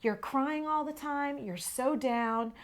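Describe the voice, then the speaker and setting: A woman's voice: high voice, slow pace, voice pushed up. A woman quoting a firm, caring girlfriend. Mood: urging. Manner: urgent and coaxing. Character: firm, caring female best friend.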